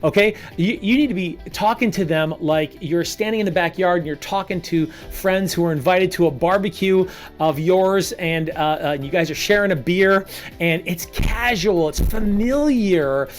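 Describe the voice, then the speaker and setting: A man coaching salespeople in an energetic video lesson. He talks standing up, projects energy on purpose and repeats short punchy phrases. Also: high-pitched, moderate pace, soft background music. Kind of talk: energetic coaching monologue to camera.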